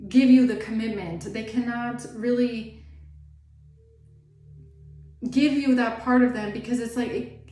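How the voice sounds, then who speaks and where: A woman's voice: a little high, a little slow, pauses often, warm tone, soft background music. A woman giving a casual tarot reading, rambling and chatty, with lots of "like" fillers. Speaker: tarot reader. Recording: roomy echo, faint background noise.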